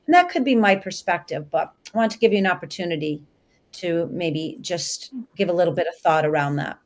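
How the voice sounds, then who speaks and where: A woman's voice: on the low side, lively intonation, fairly quick. A woman co-hosts an interview and asks long, winding questions. She sounds earnest and enthusiastic throughout. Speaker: co-host.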